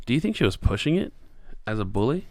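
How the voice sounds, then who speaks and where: A man co-hosting a podcast, talking through a movie in casual chat, hesitant and pausing often with fillers. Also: medium pitch, very animated, darkish tone, no echo. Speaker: podcast co-host.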